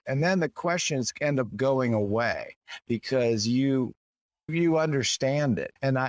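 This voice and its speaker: A man in his sixties, talking loosely and at length as a podcast guest. He rambles, restarts his thoughts and jumps into a higher, playful voice when he acts out what people say. The sound is dry and close, with no room around it. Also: dry recording. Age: 60s. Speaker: guest potter. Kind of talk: casual interview.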